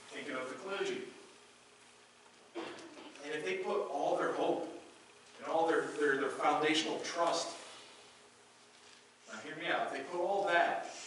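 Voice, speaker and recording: A pastor preaching a sermon, reading scripture aloud and earnestly repeating key phrases. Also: male voice, mid-range voice, a bit bright, a little hiss or hum. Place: church sanctuary. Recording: very echoey church hall, mic far off.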